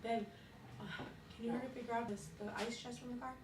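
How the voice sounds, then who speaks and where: A woman who is sick with a rough voice, blunt and bossy, hurrying the others along at home. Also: fairly high pitch, fairly even intonation, quick pace, recorded from a distance. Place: home, off-mic in the room. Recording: echoey room, off-mic, background noise.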